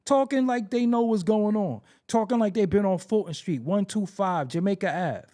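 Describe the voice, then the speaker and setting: A New man hosting a podcast, his voice sitting notably high for a man. He rants in fired-up commentary, repeating lines for emphasis and throwing out pointed rhetorical questions. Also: moderate pace, dark tone. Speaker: podcast host. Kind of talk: heated opinion commentary.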